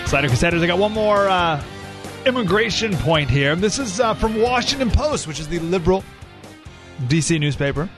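A man's voice: high voice, expressive, normal speed, fairly bright tone, faint music behind. A man hosting a political talk radio show, delivering an emphatic, ranting monologue with sarcastic asides from a studio. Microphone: studio microphone.

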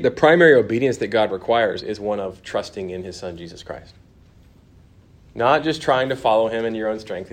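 Man teaching a church Bible class. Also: lowish voice. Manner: conversational, asks the class questions, many ums and restarts.

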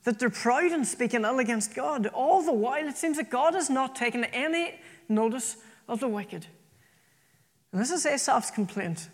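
A preacher delivering an earnest sermon, often repeating phrases for emphasis. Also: medium pitch. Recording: long reverb from a hall.

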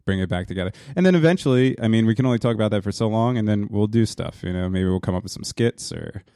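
A man's voice: lowish voice, dark tone, dry recording. A man in his thirties from New Jersey, co-hosting a podcast in a casual, rambling chat full of restarts, recorded in his parents' home music studio. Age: 30s. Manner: rambling, halting, laughs often. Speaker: podcast co-host. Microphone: podcast mic in a small home studio.

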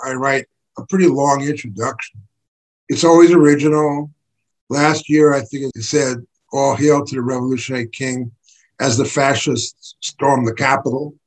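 Man, activist commentator, husky, mid pitch, emphatic, forceful bursts. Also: low-quality recording. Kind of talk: impassioned political talk.

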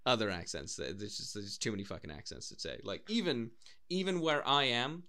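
A man's voice: medium pitch, huge pitch swings, brisk, pushed and bright. A young man chatting casually on a podcast, rambling and swearing freely. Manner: rambling, swears often, mimics callers. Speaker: podcast co-host. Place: Cardiff, Wales.

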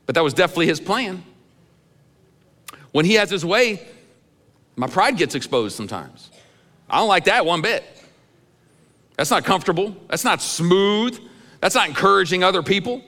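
A man's voice: sits high, animated, moderate pace, pauses often, bright, forceful tone, big-room sound. A middle-aged male pastor preaching in a church sanctuary, telling candid personal stories in a conversational way with some humor. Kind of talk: sermon.

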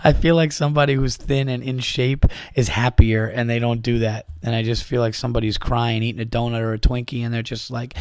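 With a steady mid-range voice, a man speaks a little fast and hardly pauses in his solo podcast. The studio sound is clean with no room sound. As host, he delivers a casual, rambling monologue that's exasperated and profane, full of asides and restarts.

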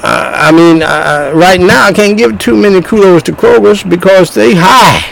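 A man delivers an emphatic sermon in a notably high voice. He circles back on his words, repeating phrases as he drives each point home. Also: normal speed, gravelly, rough recording. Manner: emphatic, animated, repeats himself. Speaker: preacher.

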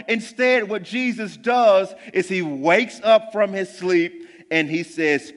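Man preaching a lively sermon in a reverberant hall. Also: sits high, unhurried. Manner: animated, swings from loud bursts to hushed; conversational, acts out voices of disciples. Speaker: pastor.

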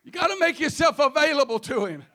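A male preacher telling a Bible story in a sermon, shouting and acting out the voices. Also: very high-pitched, animated, fast talker.

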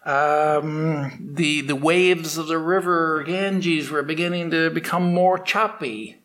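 A male storyteller recounts a tale aloud, unscripted, with restarts and fillers. His voice sits a little high, and he stretches out lines for suspense. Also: steady tone, slow, a bit bright. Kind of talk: oral storytelling.

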